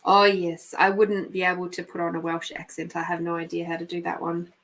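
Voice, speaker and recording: A woman from New Zealand with a New Zealand accent, hosting a live stream and chatting casually with viewers, unhurried and quick to laugh. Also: fairly low pitch, completely flat delivery, a bit bright, slight background noise. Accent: New Zealand, softened by years in South Australia. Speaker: podcast host and intuitive reader.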